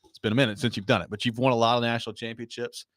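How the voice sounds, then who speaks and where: A man hosting a sports talk show, telling a story in a casual, animated way with laughing asides. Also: medium pitch, rapid-fire, no echo, studio quality. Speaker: sports radio host.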